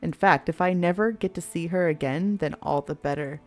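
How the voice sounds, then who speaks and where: A woman's voice: on the low side, normal speed, faint music behind, natural voice. A woman voicing a cold, dismissive young man. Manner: curt, cold, mocking. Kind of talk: voiced reading of a visual novel.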